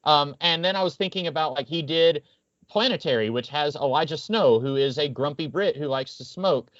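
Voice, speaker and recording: A man's voice: fairly high pitch, moderate pace, a bit bright, no room sound. A man co-hosting a casual podcast, chatty and wry, rambling through his points. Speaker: podcast co-host. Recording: dull, dry lo-fi audio.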